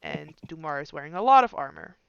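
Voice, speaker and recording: A man running a tabletop game as game master, chatting in a relaxed way. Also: on the high side, gravelly, lo-fi sound, a crowd in the background. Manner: relaxed, chatty, puts on quick voices for figures.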